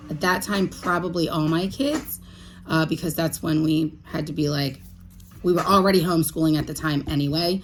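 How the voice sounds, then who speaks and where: A woman in her thirties telling a personal story to camera, halting and emotional, with many pauses and restarts. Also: on the low side, slight background noise, poor audio. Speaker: vlogger. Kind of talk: candid personal chat to camera.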